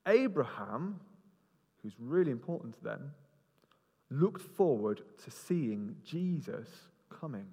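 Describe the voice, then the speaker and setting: Slow and unhurried, with a breathy edge to his medium-pitched voice, a man preaches an interactive sermon. He stays upbeat and jokey, guiding volunteers around the stage while a long hall reverb trails behind him.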